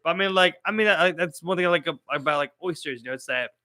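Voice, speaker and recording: Podcast co-host, man, quick bright slangy banter. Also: fairly high pitch. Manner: quick slangy banter, repeats "you know what I'm saying". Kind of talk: casual chat.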